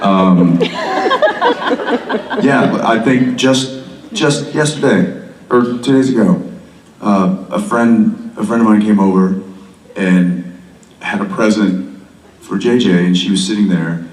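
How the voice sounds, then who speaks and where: A man's voice: low voice, takes it slowly, long pauses. A man on a convention stage telling a funny anecdote about a child, laughing often. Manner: animated storyteller, laughs often. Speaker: convention panel guest. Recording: echoey hall, far from the mic, noisy.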